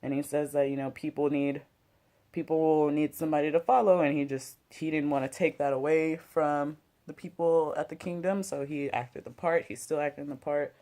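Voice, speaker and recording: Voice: medium pitch, steady tone, normal speed, warm tone. A host reviewing a TV episode in casual chat, loose and slangy, full of "like" and "you know" and some swearing, with a drink and a smoke at home. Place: home, smoking and drinking while talking.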